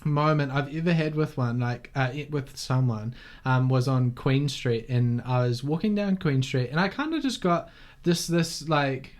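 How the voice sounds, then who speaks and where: A man's voice: medium pitch, moderate pace. A man hosting a casual podcast interview, telling a story animatedly with lots of fillers and restarts. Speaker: podcast host.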